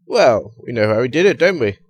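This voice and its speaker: A man's voice: mid-range voice, very animated, fairly quick, natural voice. A man voicing a sensible, matter-of-fact male police sidekick in a comic story.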